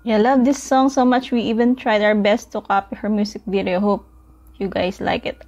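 A woman's voice: mid-range voice, little pitch movement, normal speed, a little mellow, muffled recording. A woman hosting a reaction video, speaking casually and gushing with repeated spelled-out exclamations about what she watches. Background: the reviewed song playing faintly.

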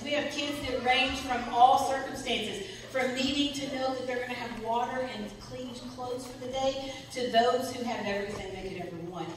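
Animated woman in an echoey sanctuary. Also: on the high side. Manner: animated, directs children aloud. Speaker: children's ministry leader. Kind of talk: lively children's message in a church service. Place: church sanctuary. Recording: echoey hall, distant mic, background noise.

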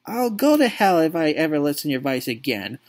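A man's voice: sing-song, fairly quick, darkish tone. A man voicing a young homeless son who accuses and pleads with his father in a game playthrough. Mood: anguished. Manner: pleading, accusing, voice straining high.

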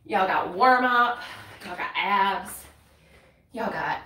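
A woman's voice: mid-range voice, big pitch swings, slow, long pauses, pushed and bright. A woman from North Carolina with a Southern accent, chatting and counting reps while doing a workout, a little winded. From North Carolina, USA. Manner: chatty, counts reps aloud, laughs and sighs between moves. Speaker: fitness content creator. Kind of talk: casual workout instruction while exercising. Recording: roomy sound, mic at a distance.

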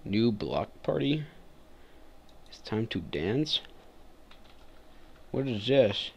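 A man giving relaxed gameplay commentary, often mumbling to himself. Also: lowish voice, very slow, vocal fry, pauses often, slightly rough, highs cut off. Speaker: gamer.

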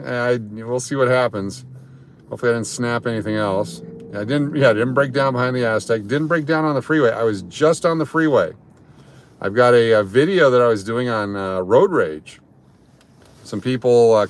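A man with a lowish voice livestreams from his car parked in a parking garage, with slight background noise. Chatting casually, he greets viewers by name in between rambling remarks.

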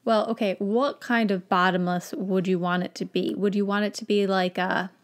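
A woman's voice: medium pitch, little pitch movement, normal speed. A young woman hosting a podcast, chatting and laughing between reading a story aloud. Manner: chatty, laughs often, uses "like" a lot. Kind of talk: casual chat and story reading.

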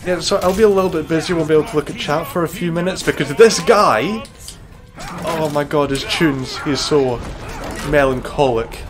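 A young man livestreaming a game, swearing and exclaiming at everything on screen. His voice sits a bit high, and game music plays clearly behind him. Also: moderate pace. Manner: excitable, swearing, bickering and exclaiming. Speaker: streamer. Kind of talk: live gaming stream banter.

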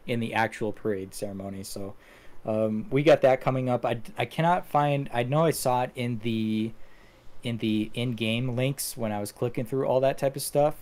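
A man's voice: medium pitch, a little mellow. A man hosting a casual gaming podcast, talking in a loose, rambling way with many fillers and restarts. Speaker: podcast host.

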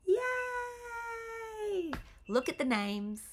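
A woman's voice: medium pitch, measured pace, background noise. A woman coach giving a casual, blunt and sweary presentation to her team over a video call. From Australia. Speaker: business coach and healer.

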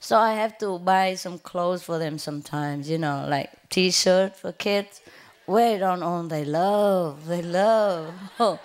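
A woman's voice: on the low side, slow pace. A woman spiritual teacher giving an informal talk, chatty and rambling, telling personal stories and laughing often. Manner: rambling with frequent fillers and restarts. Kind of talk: informal lecture with personal anecdotes.

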